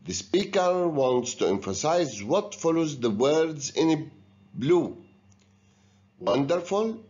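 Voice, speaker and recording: Male teacher, video grammar lesson: slow, patient, expressive pitch; dull lo-fi sound. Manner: slow, deliberate, guiding students step by step. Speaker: English teacher.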